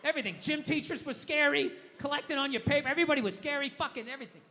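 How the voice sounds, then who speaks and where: A man doing a stand-up comedy set, ranting loudly with heavy swearing and shouted impressions. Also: very high-pitched, very fast, in a large hall. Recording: live club with audience laughter. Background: crowd laughing.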